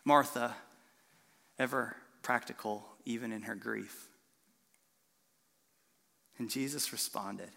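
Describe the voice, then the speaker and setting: Guy pastor preaching, lively storytelling, goes quiet then loud, echoey church hall. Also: mid-range voice, takes it slowly, vocal fry, long pauses. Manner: animated storytelling, swings from hushed to loud. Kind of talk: sermon.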